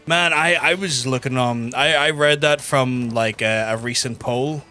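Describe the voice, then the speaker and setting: Chatty, sweary Irish streamer. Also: male voice, medium pitch, unhurried, sharp tone. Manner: chatty, blunt and sweary, with many restarts and 'like'. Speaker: gaming streamer. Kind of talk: casual livestream chat while gaming. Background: game music.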